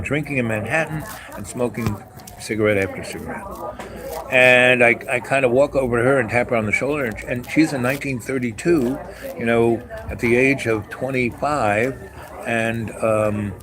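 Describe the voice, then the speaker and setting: A man's voice: medium pitch, moderate pace, crowd noise. An older man hosting, telling a personal story in a rambling, filler-heavy way. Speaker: host. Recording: loud hiss and clicks.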